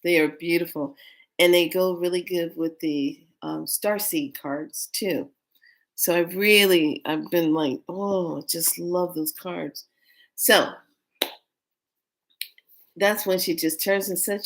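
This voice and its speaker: A woman who reads oracle cards, telling a rambling, excitable story in a casual vlog. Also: on the low side, unhurried, gravelly. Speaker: oracle card reader.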